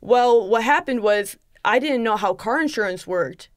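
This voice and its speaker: A woman's voice: fairly high pitch, no room sound. Young woman telling a story, dry studio sound. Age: young adult. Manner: animated, quick retelling with many quoted asides. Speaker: podcast guest. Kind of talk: casual storytelling. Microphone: studio microphone.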